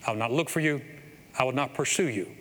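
A man doing an impression of a grim film father who makes slow, measured threats to a kidnapper. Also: medium pitch, a bit bright, lightly acted. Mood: menacing. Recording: long hall reverb, faint ambience.

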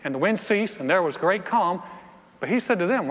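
A middle-aged pastor with a high-pitched voice preaches at a moderate pace in a church sanctuary, acting out scenes animatedly and joking with the congregation. The recording carries the reverb of the hall and faint ambience.

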